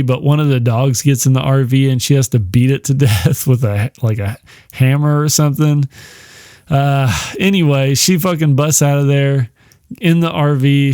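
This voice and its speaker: A man's voice: mid-range voice, darkish tone, no echo, clean studio sound. A man hosting a podcast, retelling a novel's plot in a casual, rambling way, swearing freely and laughing now and then. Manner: rambling, profane, laughs often. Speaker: podcast host.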